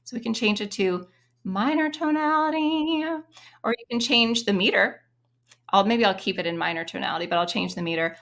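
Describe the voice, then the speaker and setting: Female guest, piano teacher, animated and explanatory, sings examples. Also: mid-range voice, a little fast. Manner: animated, sings rhythm syllables to demonstrate. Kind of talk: interview explanation with sung examples.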